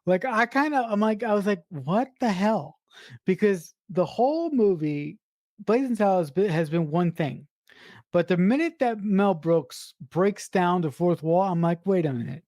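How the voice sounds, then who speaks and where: A man's voice: high-pitched, lively intonation, moderate pace, a little mellow, no room sound, clean studio sound. A man co-hosting a podcast in casual film review chat, emphatic and repeating his words. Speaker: podcast co-host.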